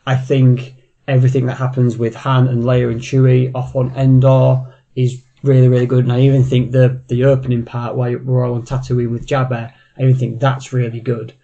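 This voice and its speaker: A man co-hosts a casual film-review podcast in an easygoing way. His voice is warm and mellow, and he circles back over his words as he makes a point. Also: medium pitch, completely flat delivery, normal speed, lo-fi sound. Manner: easygoing, repeats words while building a point. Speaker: podcast co-host.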